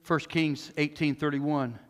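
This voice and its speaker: A male pastor preaching a sermon emphatically, swinging between loud, high bursts and low, quiet asides, sometimes mocking as he acts out quoted speech. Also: steady tone, slow pace. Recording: long reverb of a church hall.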